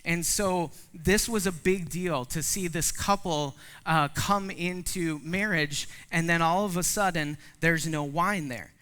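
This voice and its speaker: Male pastor, thirties, bright somewhat high voice, casual preaching that jumps into quoted voices. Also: unhurried, few pauses, smooth. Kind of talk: sermon.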